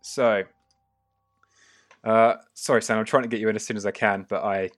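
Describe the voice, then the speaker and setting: A man narrating a tabletop game as game master, casual and prone to quick restarts. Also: fairly low pitch, fairly even intonation.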